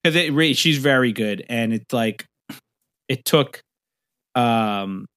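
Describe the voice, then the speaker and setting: A man's voice: mid-range voice, expressive, slow, fairly bright tone, no room sound, clean studio sound. A man co-hosting a podcast, teasing his friend in profane banter. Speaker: podcast co-host. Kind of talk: casual chat.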